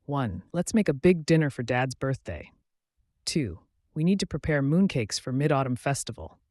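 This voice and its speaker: A man reading numbered everyday phrases slowly and clearly for learners. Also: medium pitch, very animated, a little mellow, no room sound, clean studio sound. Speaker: English teacher.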